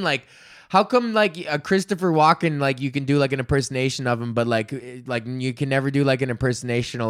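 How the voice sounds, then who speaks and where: A man's voice: mid-range voice, no echo, studio quality. A man in his thirties hosting a solo podcast, ranting loosely with lots of swearing and filler words. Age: 30s. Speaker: podcast host.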